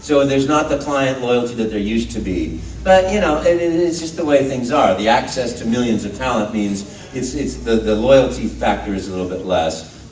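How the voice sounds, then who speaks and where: Male voice actor, panel Q&A, lively storyteller, caught from far off on a phone mic with faint hum behind. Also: medium pitch, moderate pace. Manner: animated, playful, acts out quoted dialogue. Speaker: voice actor, convention panel guest. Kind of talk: storytelling Q&A with an audience. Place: large convention hall. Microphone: phone recording from the audience. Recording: echoey hall, distant phone mic.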